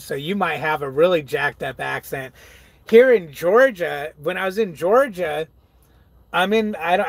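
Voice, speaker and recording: A man's voice: a little high, no room sound. A truck-driving man in casual live-stream chat, laid-back, laughing often and reading viewer comments aloud. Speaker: truck driver vlogger.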